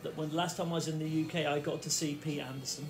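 A middle-aged man with a fairly high voice tells a childhood story, drifting and circling back on himself. He talks casually from his kitchen, with faint music from a radio behind him. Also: little pitch movement, fast. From the Fens, England. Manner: rambling, self-interrupting storyteller. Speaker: vlogger. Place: home kitchen.

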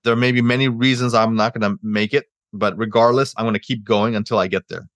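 A man's voice: on the low side, fairly even intonation, fast talker, fairly bright tone, dry recording, studio quality. A man hosting a podcast, thinking aloud with restarts and stammers. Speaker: podcast host. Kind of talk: casual interview chat.

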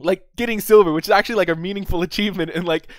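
Rambling young man, higher clear voice. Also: rapid-fire, no room sound. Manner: rambling, lots of fillers and restarts, excitable. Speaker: channel host. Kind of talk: casual storytelling to camera.

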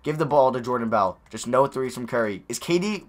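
A young man giving nervous, excitable live commentary over a basketball video game, talking to his players on screen, his voice going hoarse. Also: mid-range voice, fairly quick. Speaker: gaming YouTuber.

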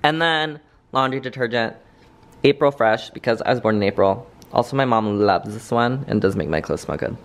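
Young male vlogger, chatty and rambling, steady mid voice, home recording with noticeable background hum. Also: mid-range voice, moderate pace. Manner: chatty, rambling, lots of "like" fillers. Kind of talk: casual vlog chat to camera. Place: Los Angeles, at home and in a car. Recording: home vlog with clear ambient noise.

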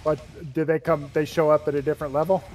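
A man playing a game with a friend, easygoing and quick to joke at himself. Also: fairly high pitch, level tone, darkish tone. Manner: easygoing, self-mocking. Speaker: co-player. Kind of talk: casual gaming chat. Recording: light background metal music.

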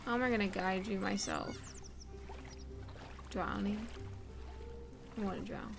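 A woman's voice: mid-range voice, fairly even intonation, a little slow, gravelly. A young woman streamer chatting and swearing casually as she plays a game and talks to its characters. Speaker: gaming streamer. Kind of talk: casual let's-play commentary. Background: game music.

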